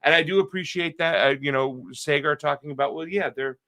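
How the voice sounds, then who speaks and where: Male co-host, emphatic casual talk, bright voice, slightly high. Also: brisk. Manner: emphatic, repeats himself. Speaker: podcast co-host. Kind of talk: casual live show chat.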